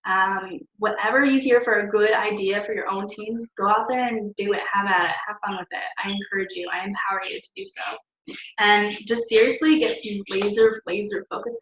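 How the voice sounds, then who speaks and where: A woman's voice: medium pitch, steady tone, moderate pace, a bit bright, slight background noise. A young woman talking in a chatty, rambling, encouraging way in a casual motivational vlog recorded at home. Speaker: network marketing team leader. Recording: roomy, distant, dull lo-fi sound.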